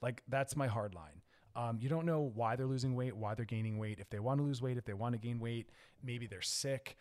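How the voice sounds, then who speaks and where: A man's voice: mid-range voice, fairly quick, darkish tone. A man hosting a radio advice show, speaking directly and earnestly as he coaches listeners in a conversational way. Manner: conversational with frequent "like" and "I don't know". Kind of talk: frank advice talk on air.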